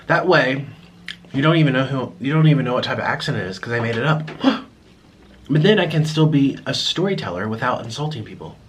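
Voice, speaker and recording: A man's voice: medium pitch, a bit bright. Chatty young man rambling while eating. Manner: chatty, rambling, with frequent restarts and aside remarks. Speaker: mukbang vlogger. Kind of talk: casual eating-video chat.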